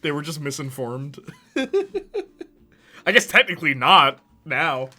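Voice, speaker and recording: A man with a high, bright and sharp voice runs through a casual movie ranking. He swings his pitch up and down a lot, gets excitable, throws in slang and breaks into laughs as he goes. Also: takes it slowly. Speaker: host.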